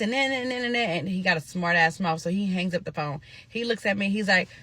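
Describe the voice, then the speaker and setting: A young woman from Nebraska telling a story to her viewers in a casual, animated, profane way. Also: medium pitch, brisk, hardly any pauses, dry recording. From Omaha, Nebraska.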